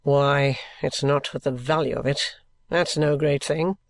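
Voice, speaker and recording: A man voicing a steady, gruff former soldier with a plain, measured delivery. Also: on the high side, no room sound.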